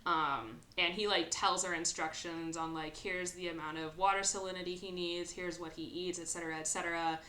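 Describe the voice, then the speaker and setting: A woman's voice: lowish voice, steady tone, fairly quick, hardly any pauses, bright, forceful tone, reverberant. A woman hosting a podcast, casually recapping a film with lots of fillers and quoted lines. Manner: rambling retelling with many fillers and acted quotes. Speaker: podcast host. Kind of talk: casual movie recap chat.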